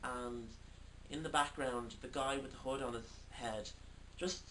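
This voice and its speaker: A man's voice: medium pitch, fairly even intonation, measured pace, fairly bright tone. A man giving a casual video film review, talking hesitantly with many fillers. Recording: distant mic, faint background noise.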